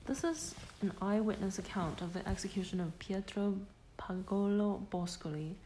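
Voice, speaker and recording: A woman narrating a scholarly nonfiction audiobook in a measured, deliberate manner. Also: medium pitch, warm tone, a little hiss or hum, poor audio. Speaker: audiobook reader.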